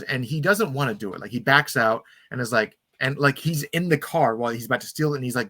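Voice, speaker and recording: A man's voice: medium pitch, bright, forceful tone, no echo. Man recapping a movie plot. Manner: enthusiastic plot recap, acting out lines in quick voices. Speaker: podcast host. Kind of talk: casual podcast chat.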